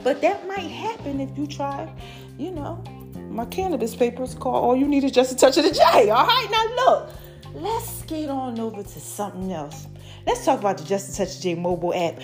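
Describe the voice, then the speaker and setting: An effusive woman talks straight to her followers in a casual promotional update, a touch higher than most. She gushes, calls them y'all and baby, and keeps the energy up. Faint music plays under her voice. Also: normal speed. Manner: animated, effusive, addresses listeners as y'all and baby. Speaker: podcast host and brand owner.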